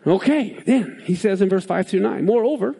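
A man preaching a sermon, reading scripture aloud with sudden swings in pitch. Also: normal speed, gravelly, warm tone, breathy edge.

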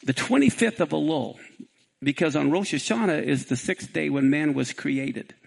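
A man's voice: on the high side, creaky, poor audio. A man preaching a sermon, telling a parable with dramatic rising pleas and reading scripture aloud. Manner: dramatic storytelling, voice rising to near shouts on quoted pleas.

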